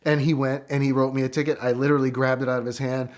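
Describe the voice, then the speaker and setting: A middle-aged man telling a story in a casual, animated way, with quick excited bursts. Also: mid-range voice. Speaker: guest storyteller.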